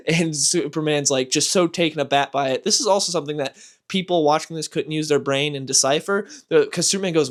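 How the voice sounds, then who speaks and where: A man giving casual, animated commentary as a comic book channel host, exasperated and ranting. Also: on the high side, a little fast.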